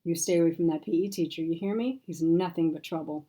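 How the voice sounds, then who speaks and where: A woman voicing a frank, sharp-tongued woman friend who speaks emphatically and teases. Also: fairly low pitch, fast talker, natural voice, rough recording. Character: blunt, sassy woman friend, caring but sharp-tongued.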